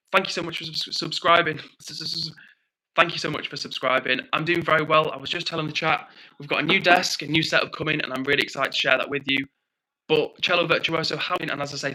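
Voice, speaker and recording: A young British man runs a livestream and chats easily while reading viewer comments aloud. His voice is very bright and sharp, a little higher than most men's, and his delivery stays upbeat and friendly. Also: low-quality recording. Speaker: livestream host. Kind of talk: casual chat reading out live comments.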